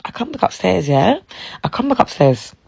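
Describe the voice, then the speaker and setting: A woman from England telling a dating story in a casual, animated way, laughing and swearing. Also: fairly low pitch, normal speed, gravelly, a little hiss or hum.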